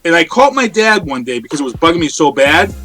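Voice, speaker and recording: Animated man telling a story. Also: a little high, fast talker, soft background music. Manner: animated, acts out quoted voices. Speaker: interview guest, radio personality. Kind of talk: casual storytelling. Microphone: remote call from home.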